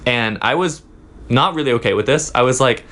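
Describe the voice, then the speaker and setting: A young man, a student guest in a casual interview, telling a story in a halting way with many fillers. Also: mid-range voice, lively intonation, fairly bright tone. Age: young adult. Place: office.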